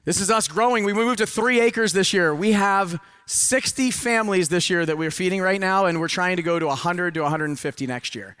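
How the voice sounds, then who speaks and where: A middle-aged man giving a live, preachy seminar talk to an audience, swinging between loud urging and hushed asides. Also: sits high, fairly quick, few pauses, smooth, dry recording. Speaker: motivational speaker. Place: event hall with a live audience.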